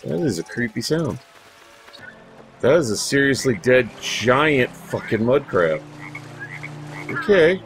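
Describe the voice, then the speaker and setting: A man's voice: mid-range voice, very animated, takes it slowly, long pauses. A man hosting a let's play, giving casual gameplay commentary, chatty and swearing freely as he talks to his in-game companions. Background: video game music.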